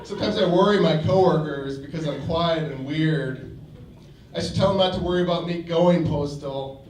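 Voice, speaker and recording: A male standup comedian in a comedy club, telling jokes with a dry, deliberate delivery. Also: fairly high pitch, far from the mic, a crowd in the background, noisy background. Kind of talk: standup routine. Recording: echoey club from afar.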